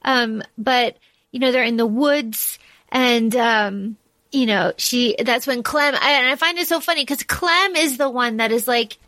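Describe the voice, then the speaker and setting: A woman co-hosting a casual podcast, gushing over a film with plenty of "like" and "um" as she restarts her sentences. Her voice sits a touch high, and the sound is close and dry, with no room around it. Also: a little slow, pushed and bright, no echo. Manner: emotional, gushing, many fillers and restarts. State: tearing up. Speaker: podcast co-host. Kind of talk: casual movie discussion.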